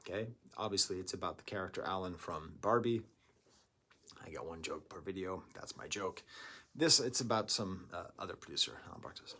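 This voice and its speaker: A man in the middle of a music review monologue, talking straight to the camera. He rambles, jokes and hums the synth lines as he goes, at an ordinary mid-range pitch. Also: a bit bright. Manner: rambling, jokey, hums and mimics sounds.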